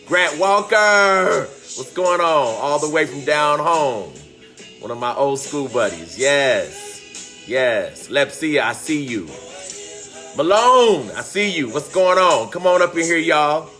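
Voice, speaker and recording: A fervent man teaches an online audience in a bright, ringing voice that swoops widely up and down. He speaks slowly and draws out his words, often breaking into high cries. A song plays faintly behind him. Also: big pitch swings, soft background music. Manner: fervent, greets viewers by name, cries out. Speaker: teacher hosting a live online talk. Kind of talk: impassioned livestream teaching.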